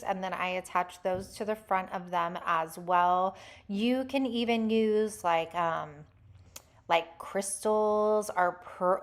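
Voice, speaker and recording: A woman hosting a DIY crafts channel, narrating her project in a chatty, enthusiastic voice-over and talking straight to her viewers. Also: a little high. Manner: chatty and enthusiastic, addresses viewers as "you guys". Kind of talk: casual tutorial voice-over.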